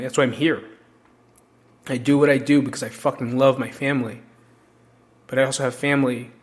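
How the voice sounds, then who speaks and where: A man from New Jersey hosting his own podcast, talking openly and emotionally to listeners with plenty of swearing in a casual solo monologue. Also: mid-range voice. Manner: candid, emotional and profane, talks straight to listeners. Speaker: podcast host.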